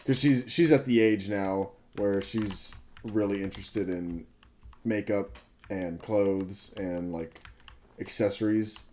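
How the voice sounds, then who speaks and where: Man in his twenties, up all night, rambling casual gameplay chat, self-correcting, swears, darker warm tone. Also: lowish voice, steady tone, slow pace, a little hiss or hum. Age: 20s. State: sleep-deprived, up all night. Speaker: gaming video creator.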